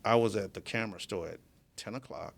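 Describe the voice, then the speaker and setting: A man's voice: lowish voice, fairly quick, vocal fry, fairly bright tone. A man being interviewed as a guest in a studio, telling his story casually and with animation, often laughing as he talks. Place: media studio.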